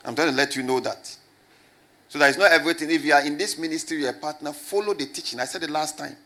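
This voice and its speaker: A man's voice: on the high side, fast talker, pushed and bright. A middle-aged man, a pastor, preaching a sermon and asking his congregation to repeat his words back. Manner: call-and-response preaching, repeats questions to the crowd.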